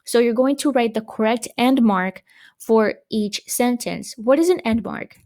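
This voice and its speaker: A woman teacher records a grammar lesson for her young students. Her voice sits a little high, and she explains each point patiently, posing questions and answering them herself. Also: measured pace, a little mellow.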